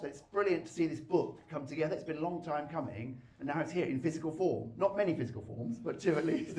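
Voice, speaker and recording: A man's voice: on the high side, slight background noise. A man, an academic, giving a casual talk at a book launch, hesitant with many fillers and restarts.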